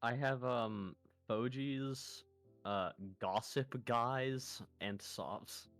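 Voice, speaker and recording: A man playing in a tabletop game, speaking softly and hesitantly. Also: medium pitch, very slow, faint music behind. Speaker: player.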